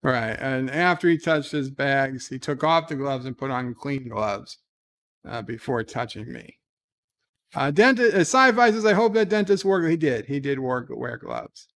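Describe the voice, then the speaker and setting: A man hosting a casual livestream from home, reading viewer messages aloud and answering them with animated emphasis. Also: medium pitch, unhurried. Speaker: livestream host reading chat. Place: home, talking from bed.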